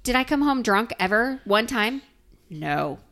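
A woman's voice: a little high, animated, a little slow, fairly bright tone. A woman in her forties chatting casually and playfully, laughing often. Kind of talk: casual chat.

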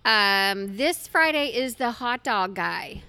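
A woman in her thirties co-hosting a casual podcast, telling stories in a chatty, animated way. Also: fairly high pitch, slow pace, smooth, no room sound. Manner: chatty, animated storytelling with laughs. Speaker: podcast co-host.

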